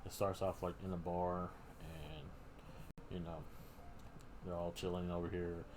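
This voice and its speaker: Man, very low voice, rambling casual recap, steady background noise. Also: a little slow. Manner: rambling, full of fillers and restarts. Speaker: streamer host. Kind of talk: casual live-stream recap.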